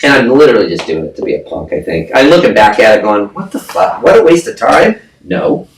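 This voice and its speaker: A man's voice: mid-range voice, very animated, a little fast. A man guest on a podcast, telling a story in a blunt, profane, casual way and acting out the voices of people he quotes. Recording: echoey room, distant mic, faint noise.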